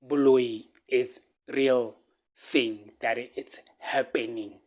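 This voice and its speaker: A man from Africa, telling a personal story to his viewers in halting speech full of fillers, restarts and repeated phrases. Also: mid-range voice, fairly even intonation. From South Africa. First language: a local South African language. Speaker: vlogger.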